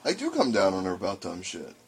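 A man's voice: sits low, huge pitch swings, quick pace, slightly rough. A man in casual chat, defensive and profane, often laughing while he argues.

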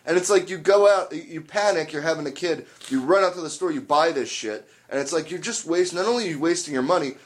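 Man, casual podcast chat, profane, ranting, slightly high voice. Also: fast talker, hardly any pauses.

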